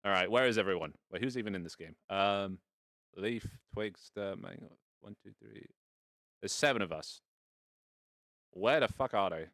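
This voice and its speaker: A man's voice: lowish voice, normal speed, long pauses, fairly bright tone, no echo, clean studio sound. A man casually hosting a live stream from inside virtual reality, rambling and playful with some casual swearing. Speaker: VR streamer hosting a fashion show. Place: indoors in a home VR setup.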